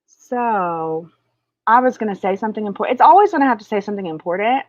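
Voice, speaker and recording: A woman's animated, medium-pitched voice comes through a muffled recording as she hosts a spiritual livestream. Her teaching is slow and drawn-out, and she chats casually and crassly, rambling and losing her thread.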